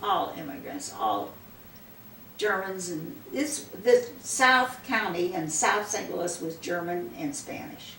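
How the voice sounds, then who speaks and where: An older woman telling a long story in a relaxed, rambling way, looping back on herself with "I said" and "she said." She is taped from a distance in a roomy space, with a faint hum of background noise. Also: lowish voice, slow pace. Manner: rambling, repeats "I said" and "she said" often. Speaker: interviewee. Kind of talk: casual storytelling.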